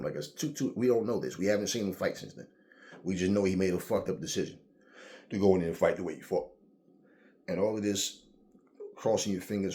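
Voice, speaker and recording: A man talking casually to camera about boxing, telling stories in a profane, animated way with lots of slang. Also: low-pitched. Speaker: boxing commentator.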